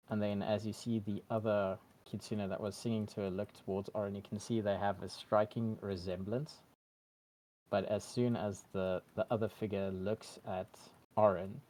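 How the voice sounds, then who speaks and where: A man narrating his character's actions in a tabletop role-play game, soft-spoken and halting. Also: fairly low pitch, poor audio. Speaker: player. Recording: remote call audio.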